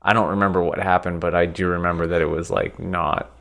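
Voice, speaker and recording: A man's voice: deep voice, little pitch movement, fast, vocal fry, fairly bright tone. A man co-hosting a podcast, talking in loose, rambling casual chat with lots of fillers and casual swearing. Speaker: podcast co-host.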